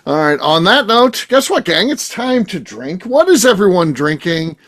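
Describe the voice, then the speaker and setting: A man hosting a casual podcast who runs the segments and reacts quickly. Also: high-pitched, big pitch swings, fairly bright tone. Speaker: podcast host.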